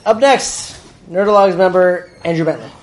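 A man hosting a live storytelling show, halting and fumbling his words, with lots of fillers. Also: high-pitched. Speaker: host. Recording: echoey live venue with loud noise.

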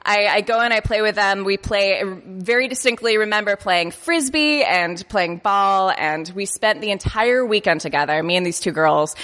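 A woman in her late twenties telling a funny personal story to a live audience, halting and self-deprecating, often stumbling over her words and laughing at herself. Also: medium pitch, fairly bright tone, in a large hall. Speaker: live storyteller on a comedy podcast. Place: comedy festival venue.

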